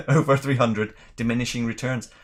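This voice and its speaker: A man's voice: medium pitch, moderate pace. Chatty man with mixed Northern Irish-English accent. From Northern Ireland. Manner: relaxed, chatty, laughs often, reads viewer questions. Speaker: whisky channel host. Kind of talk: casual livestream chat.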